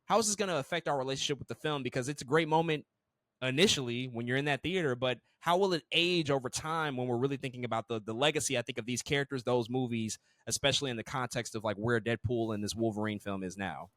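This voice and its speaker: Animated man reviewing a movie. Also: medium pitch, fast talker, no room sound. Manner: animated, swears, repeats words when restarting. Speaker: podcast co-host. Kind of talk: casual movie review chat.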